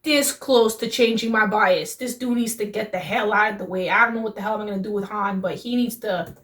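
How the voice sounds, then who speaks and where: A young woman hosting a reaction video, gushing in excitable, slangy exclamations as she reacts. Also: medium pitch, fairly quick. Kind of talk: excited casual reaction commentary. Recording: distant mic with music playing behind.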